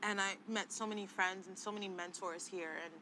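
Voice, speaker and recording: A young woman guest speaks earnestly about her own story, sincere and unhurried in tone. She is recorded outdoors in a city garden, with traffic and street noise clearly audible. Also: mid-range voice, fairly even intonation, sharp tone. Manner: earnest, sincere, with you-knows. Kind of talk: personal story in an interview.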